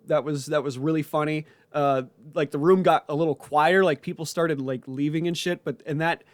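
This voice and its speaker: A man's voice: on the high side, clean tone, no room sound. A man, a comedian and podcast host, recapping a show in a rambling, profane monologue full of restarts.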